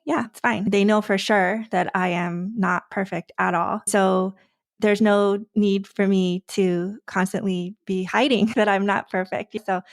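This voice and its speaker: A middle-aged woman hosts the show in a candid, conversational manner. Her mid-pitched voice has a gravelly fry to it. She is recorded close on a dry mic. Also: no room sound. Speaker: podcast host. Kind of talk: interview conversation.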